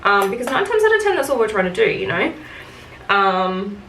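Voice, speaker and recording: A woman's voice: medium pitch, big pitch swings, moderate pace, a bit bright, slight background noise. Chatty woman ranting about retail. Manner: chatty and frank, full of fillers and swearing. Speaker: retail worker telling stories. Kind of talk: casual get-ready-with-me rant. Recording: echoey room with faint ambience.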